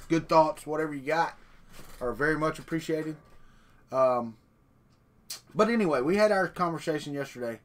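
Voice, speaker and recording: A man hosting a live stream, chatting casually in a folksy, rambling way. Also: a little high. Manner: folksy, rambling, talks off the cuff.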